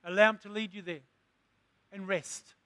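The preacher's high voice is steady and fairly bright, moving at a moderate pace with no room sound. His sermon poses questions to the congregation and climbs toward emphatic lines in call-and-response style.

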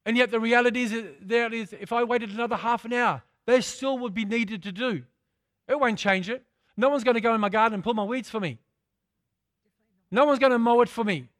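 A man's voice: very high voice, a little fast, fairly bright tone, no room sound. A man preaching a sermon, repeating phrases for emphasis and calling out to his congregation.

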